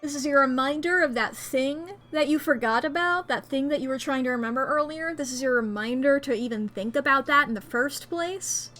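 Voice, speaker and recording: High-voiced playful American woman streamer. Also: brisk, few pauses, pushed and bright, faint music behind. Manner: playful, chatty, talks straight to viewers. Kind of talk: casual live-stream chat while gaming. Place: home room by a window.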